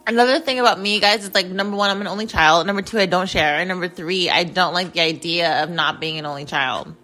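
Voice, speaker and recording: A woman's voice: lowish voice, fairly even intonation, fast talker, pushed and bright, faint music behind. A young woman hosting a podcast, telling a personal story in a candid, profane and emotional way, full of filler words. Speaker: podcast host.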